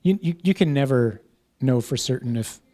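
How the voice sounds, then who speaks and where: A man's voice: mid-range voice, animated, normal speed, mellow. A man, a parish priest, teaching a class in an informal conversational way, often checking in with "right?" and "huh?".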